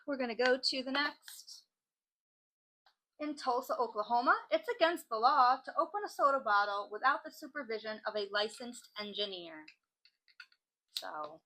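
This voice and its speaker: A woman's voice: fairly high pitch, pushed and bright, poor audio. A woman hosting a crafting channel, chatting casually and joking as she reads out odd laws. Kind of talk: casual chat while crafting.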